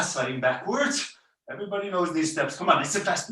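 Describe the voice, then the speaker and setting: Bright, echoey taekwondo instructor calling drills. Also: mid-range voice, very animated, normal speed, a little hiss or hum. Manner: barks counts and drill commands, loud kiai yells. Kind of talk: leading a virtual belt test. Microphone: video call. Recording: roomy echo, far from the mic.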